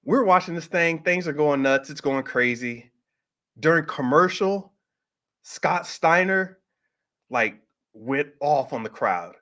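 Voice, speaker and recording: A middle-aged man telling a personal story in a casual, animated way, jumping up in pitch when he acts out what people said. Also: takes it slowly. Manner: animated, acts out quoted voices with pitch jumps. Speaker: host.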